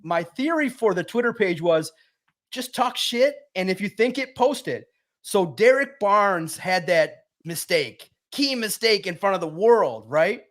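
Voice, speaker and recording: A man with a high-pitched voice tells a story on a sports podcast in a casual, energetic way. He talks like he's hanging out with friends, lively and animated. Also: measured pace. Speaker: podcast guest, sports publisher.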